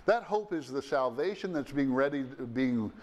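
A man of middle age or older delivers a sermon at a medium pitch. He speaks earnestly, pausing with fillers and restarts. He lifts his voice to stress the points that matter. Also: lively intonation. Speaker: preacher.

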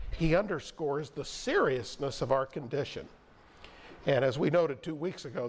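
A male pastor delivering a sermon, reading scripture aloud and stressing key phrases with slow, deliberate pauses. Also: fairly high pitch, a little hiss or hum.

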